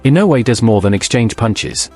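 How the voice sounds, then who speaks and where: A man reads formal sports narration in an even, measured way. His voice sits at a middle pitch. Faint music runs underneath. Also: breathy edge. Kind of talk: scripted narration.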